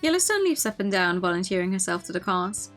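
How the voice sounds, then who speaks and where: A woman streamer reading a visual novel aloud, with expressive narration and playful asides. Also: medium pitch, fast, soft background music.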